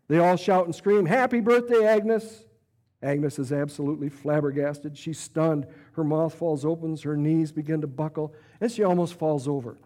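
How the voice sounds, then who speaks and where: Animated storytelling preacher, a man. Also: fairly high pitch. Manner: vivid, animated retelling. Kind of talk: sermon storytelling.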